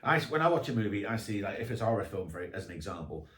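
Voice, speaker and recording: A man's voice: on the low side, sing-song, rapid-fire, a bit bright. A man who is a guest author, telling anecdotes in a chatty, casual interview. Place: podcast recording room. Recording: roomy echo.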